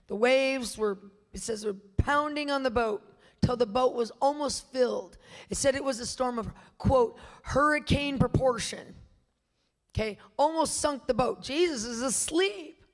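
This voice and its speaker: A woman's voice: high voice, moderate pace, long reverb tail. A woman minister preaching a sermon, emphatic and full of rhetorical questions to her listeners. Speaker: guest minister teaching.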